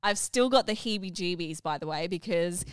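Aussie girl in her 20s telling a story on a podcast, animated and dramatic, smooth clear voice, dry sound. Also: lowish voice, moderate pace, no room sound. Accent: Australian. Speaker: podcast co-host. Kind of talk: casual chat, storytelling.

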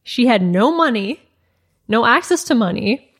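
A woman's voice: a little high, unhurried, husky. Chatty woman telling a story. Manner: animated retelling, acts out quoted dialogue, many "like" fillers. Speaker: podcast co-host. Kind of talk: casual storytelling chat.

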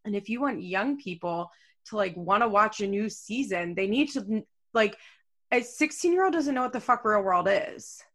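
A woman's voice: medium pitch, expressive, normal speed, a bit bright. A woman co-hosting a podcast in casual chat, with a mild speech impediment, talking in a loose, chatty way with lots of fillers and some swearing. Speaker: podcast co-host.

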